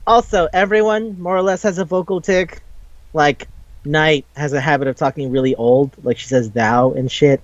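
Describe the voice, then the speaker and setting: A man's voice: a little high, fairly even intonation, moderate pace, no room sound. Laughing, profane man retelling an anime. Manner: profane, laughing, acts out characters' lines. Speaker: podcast co-host. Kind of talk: casual anime recap chat. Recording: dull lo-fi sound, dry room.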